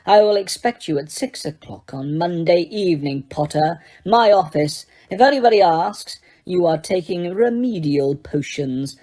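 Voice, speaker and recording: A woman reading an audiobook, voicing a cold, sneering male teacher who speaks slowly, quietly and waspishly. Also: lowish voice, animated. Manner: slow, quiet and silkily waspish.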